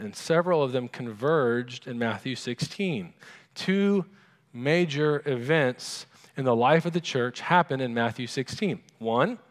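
Casting: male pastor, mid-pitched voice, chatty sermon delivery, long hall reverb. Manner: conversational, asks the congregation questions.

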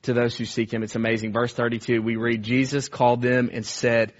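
A man's voice: mid-range voice, level tone, fairly quick, muffled recording. A male pastor preaching a sermon with passion, often repeating phrases and acting out quoted cries.

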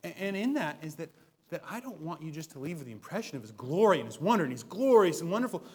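A man in his thirties, a preaching pastor, giving a conversational sermon in church, moving from soft self-deprecating asides to loud, emphatic peaks. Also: fairly high pitch, big pitch swings, fast, husky. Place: church sanctuary.

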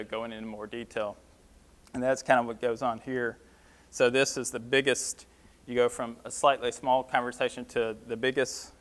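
A man's voice: medium pitch, vocal fry, fairly bright tone. A man preaching a sermon, talking through scripture in a plain, conversational way with some fillers. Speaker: pastor. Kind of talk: sermon teaching.

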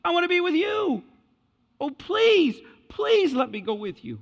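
A pleading, high, straining voice of a healed man begging to follow, as a preacher acts him out. His cries ring loud through a long church-like reverb on a dull, lo-fi recording. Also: very animated, unhurried, full character voice. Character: healed former demoniac man begging desperately.

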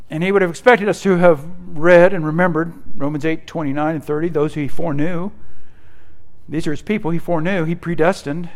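Emphatic man preaching a sermon. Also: high voice. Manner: emphatic preaching with frequent "right?" asides. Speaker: pastor.

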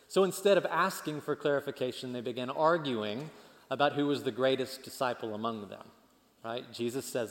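A man preaching a sermon as pastor, animated and leading the congregation in call-and-response. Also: mid-range voice, fairly quick. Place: church. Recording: long church hall reverb.

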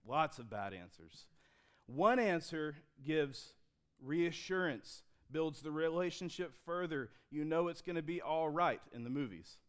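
A man preaching a sermon in a church, talking conversationally with restarts and slowing down when he reads scripture. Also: fairly high pitch, lively intonation, fairly bright tone, smooth. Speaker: pastor.

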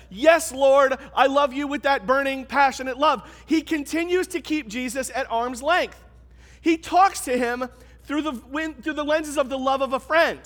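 High-voiced man preaching in a reverberant hall. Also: fairly bright tone. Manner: conversational, emphatic preaching. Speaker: pastor. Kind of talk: sermon. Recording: long reverb of a large hall.

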